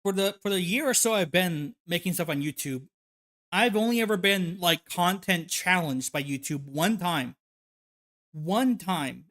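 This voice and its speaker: A man hosting a livestream, reacting to videos with rapid, profane, exasperated commentary. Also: high voice, a bit bright.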